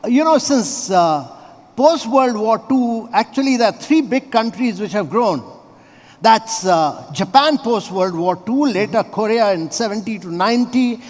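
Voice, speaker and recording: An older man with a notably high voice speaks on a conference stage, laying out his argument point by point with numbers. His voice carries a long reverb from the large hall around him. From India. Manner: measured, builds points with numbers and lists. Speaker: award honoree, interview guest. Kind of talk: on-stage conversation.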